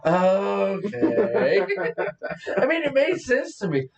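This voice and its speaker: A man's voice: high-pitched, big pitch swings, drawn-out words, distant mic, lo-fi sound. A man co-hosting a podcast in casual chat, crude and profane, laughing often. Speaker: podcast co-host.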